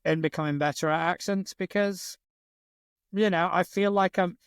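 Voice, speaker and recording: Northern english guy on a gaming podcast, swears a lot, bit high voice, dry sound. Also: steady tone, moderate pace, clean tone, no echo. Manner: blunt and sweary, self-deprecating. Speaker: podcast co-host. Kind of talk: casual chat.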